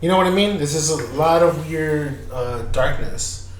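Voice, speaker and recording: A man's voice: a little high, moderate pace, reverberant, slight background noise. A man hosting a podcast, telling a strange story in loose, profane, repetitive casual chat. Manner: loose, profane, repeats himself. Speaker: podcast host.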